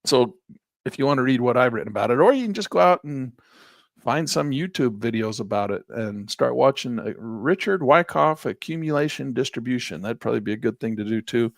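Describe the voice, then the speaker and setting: A middle-aged man running a live trading class. His voice leaps around with lots of animation and has a gravelly edge. He teases and jokes as he narrates the market, and the sound is close and dry. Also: mid-range voice, fairly quick, no room sound. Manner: animated, teasing, playful narration of market moves. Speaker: trading instructor.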